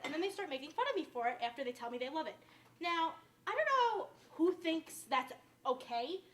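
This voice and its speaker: A chatty young adult woman from Westchester, New York, with a downstate New York accent, hosts a casual cooking demonstration, rambling and saying "like" often. Her very high, sing-song voice moves fast, with a little hiss or hum in the audio.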